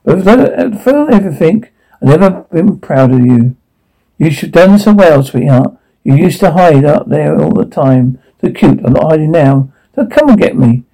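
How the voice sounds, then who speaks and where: A man's voice: a little high, expressive, normal speed, gravelly, mellow, poor audio. A man voicing an unstable, menacing father who speaks in a coaxing, sinister way. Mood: coaxing menace.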